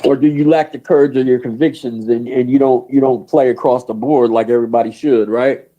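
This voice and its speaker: A man's voice: medium pitch, fairly even intonation, brisk, phone-quality sound. A man hosting a livestream, cursing and mocking people, taunting them with questions and laughing often. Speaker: livestream host. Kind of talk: profane livestream rant.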